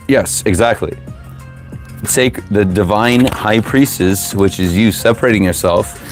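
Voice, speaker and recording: Brief: man, low voice, live tarot reader, swears a lot, preachy, fired up, faint music under. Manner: profane, fired-up, preachy, with sudden loud outbursts. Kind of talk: live tarot reading to viewers.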